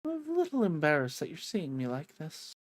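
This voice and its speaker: A woman voicing a gentle, apologetic queen in a soft, quiet voice. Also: sits low, huge pitch swings, a little fast, dry recording, full character voice. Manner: soft, apologetic, lets names trail away.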